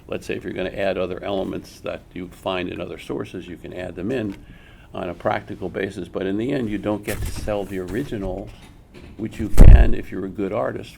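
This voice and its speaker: A man's voice: sits low, fairly even intonation, fairly quick, vocal fry, warm tone, slight background noise. An older man giving a live art workshop, an emphatic storyteller who repeats words as he talks. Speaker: comic art teacher. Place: school room with audience.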